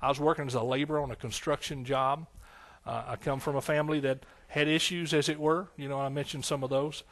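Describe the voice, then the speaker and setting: A middle-aged man, a pastor, giving an emotional sermon testimony that swings between hushed, tearful moments and loud exclamations. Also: a little high, fairly even intonation, a little fast, few pauses.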